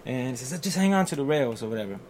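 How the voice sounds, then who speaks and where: This is a man speaking fast in a mid-range voice against slight background noise. Casually telling a personal story, he acts out what others said in an animated way, often using fillers and starting sentences over.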